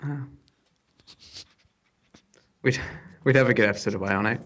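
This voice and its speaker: A man's voice: medium pitch, unhurried, fairly bright tone. A man co-hosting a podcast, answering in a dry, matter-of-fact way during casual banter. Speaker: podcast co-host.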